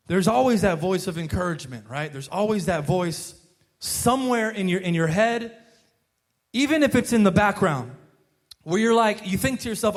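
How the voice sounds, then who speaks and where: A man's voice: sits high, animated, moderate pace. A man preaching a casual, conversational sermon as a pastor, earnest and informal, often tossing in "man" and "right?" and restarting his sentences.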